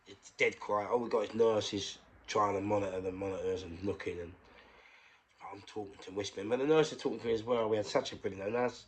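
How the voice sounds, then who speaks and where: A man with a London accent spinning a rambling, emphatic tale in a low voice. He swings between loud asides and hushed whispers when he quotes himself. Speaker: storyteller. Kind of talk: casual storytelling monologue.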